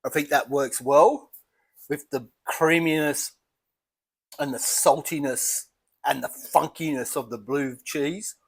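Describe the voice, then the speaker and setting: An Australian man reviewing beer in a casual home vlog, chatty and relaxed, talking as he eats and drinks. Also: a little high, slow, creaky, breathy edge. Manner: relaxed, chatty, thinking aloud while eating and sipping.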